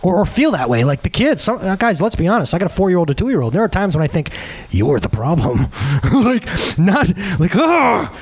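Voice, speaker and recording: A man's voice: high-pitched, very animated, brisk. A man in his thirties giving a sermon as a pastor, earnest and full of rhetorical questions.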